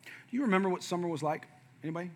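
A man's voice: high-pitched, very fast, a little mellow. A middle-aged male pastor telling a funny family story in a playful, conversational sermon, calling out to the congregation.

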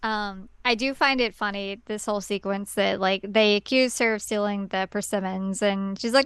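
A woman's voice: mid-range voice, fairly even intonation, moderate pace, fairly bright tone, smooth, no room sound, clean studio sound. A woman co-hosting a casual chat, playfully chiming in with quips while recapping a cartoon episode. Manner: laughing, playful, chimes in with quips. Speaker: podcast co-host.

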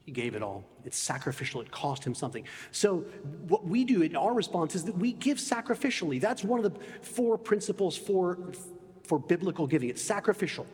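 A man preaching a sermon in an emphatic way, often dropping low and soft on key phrases. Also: big pitch swings, brisk, big-room sound.

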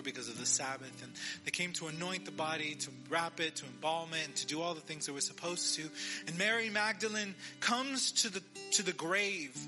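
Man, pastor, sermon, storytelling, high voice, faint guitar music behind. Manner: storytelling, acts out quoted lines; asks the audience to repeat.

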